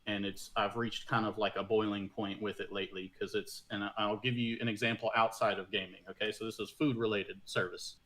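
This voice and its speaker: A man's voice: on the low side, level tone, fairly quick, hardly any pauses, bright, forceful tone. A man on a casual panel chat, giving opinionated, rambling takes. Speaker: podcast panelist.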